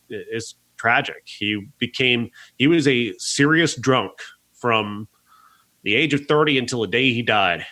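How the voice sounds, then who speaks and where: A man's voice: medium pitch, sharp tone. A man reviewing a documentary on a podcast, talking earnestly and rambling a little, with frequent restarts. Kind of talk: casual review chat.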